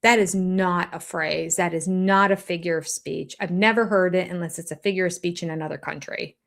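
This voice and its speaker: A woman's voice: on the low side, fairly even intonation, fairly quick, creaky, hardly any pauses, a bit bright. An older woman giving blunt, sarcastic reaction commentary on a reality TV show.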